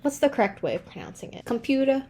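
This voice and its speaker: A woman's voice: high-pitched, big pitch swings, fast, a little mellow, breathy edge. A young woman chatting casually in a book review, slangy and self-deprecating.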